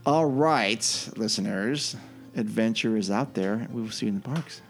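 A man's voice: fairly low pitch, moderate pace, faint music behind. A man hosting a casual podcast, talking loosely with frequent ums and restarts. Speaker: podcast host. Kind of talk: casual chat.

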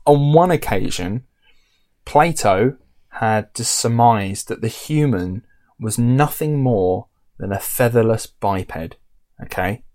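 Bloke, podcast host, lively storyteller, swears freely, mid pitch. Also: male voice, slow pace. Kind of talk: casual chat.

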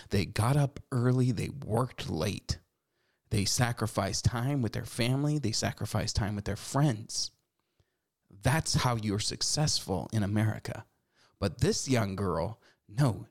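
A man in his forties hosting a talk show, giving sarcastic, scolding commentary. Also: medium pitch. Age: 40s. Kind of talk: opinion commentary.

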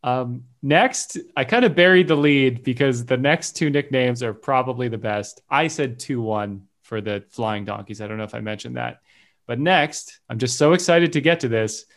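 A man hosting a casual podcast chat, playful and quick to laugh at his own jokes. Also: mid-range voice. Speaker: podcast host.

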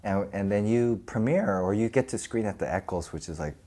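Animated man telling stories with a wide-ranging voice. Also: lowish voice, fairly quick. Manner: animated, acts out voices, laughs often. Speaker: guest. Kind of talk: casual storytelling interview.

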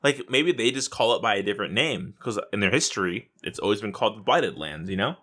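Guy on a gaming podcast, bright voice that bounces all over, swears a lot. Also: on the low side, quick pace, husky. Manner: excitable, swears freely, laughs often. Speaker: podcast co-host. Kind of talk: casual gaming podcast chat.

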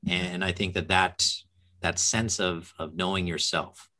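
A man with a fairly low voice speaks as a guest educator in a podcast conversation. He talks in a reflective, earnest way, with sudden bursts of animation. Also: fairly even intonation, a little slow, bright, forceful tone.

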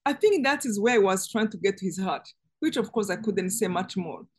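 A woman guest giving an earnest personal testimony in conversation, halting and restarting as she speaks. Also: medium pitch, lively intonation, slight background noise. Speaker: interview guest.

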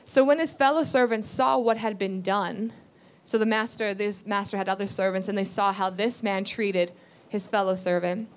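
A woman's voice: medium pitch, normal speed, few pauses. A woman giving a sermon, reading scripture aloud and explaining it earnestly, repeating key phrases and asking rhetorical questions. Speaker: Bible teacher.

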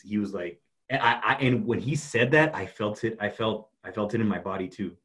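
A man who works as a life coach, talking earnestly in a casual conversation, often restarting his sentences. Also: mid-range voice. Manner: earnest, halting, many restarts.

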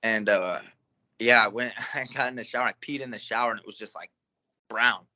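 A man's voice: on the low side, fairly quick, sharp tone, a little hiss or hum. A young man, a guest fighter, telling stories in a laid-back, casual interview, with plenty of fillers and swearing.

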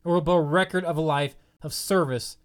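A man's voice: a little high, fairly quick, clean tone. A man preaching a sermon, asking his listeners earnest, repeated rhetorical questions and stressing key points.

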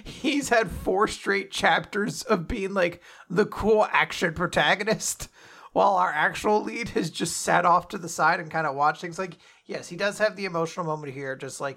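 Laid-back rambling man, slightly high voice. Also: normal speed, creaky, pushed and bright. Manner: laid-back, rambling, swears casually, laughs often. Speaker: podcast co-host. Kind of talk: casual chat reviewing manga.

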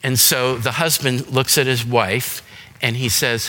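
Male seminar speaker, bright clear tone, conversational teaching, reverberant church hall. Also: medium pitch, fairly even intonation, a little slow. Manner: conversational, explanatory, with frequent "um" and "you know". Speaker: seminar speaker on dementia caregiving.

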